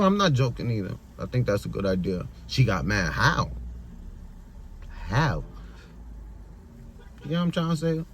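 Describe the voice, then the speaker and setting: A frustrated young man venting to his phone outdoors, rambling and circling back on his own words. His voice sits at an ordinary middle pitch, and his talk is loose, repetitive and heated. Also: sing-song, a little slow, long pauses, a bit bright, slight background noise. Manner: frustrated, rambling, repeats himself. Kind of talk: venting vlog monologue. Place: outdoors in a busy public area.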